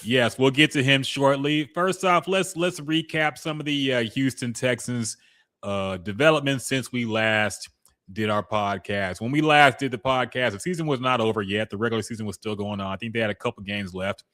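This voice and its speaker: A man co-hosting a casual sports podcast, relaxed and loose, who swears now and then and sometimes blanks on names. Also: medium pitch, moderate pace, dry recording, clean studio sound. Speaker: podcast co-host.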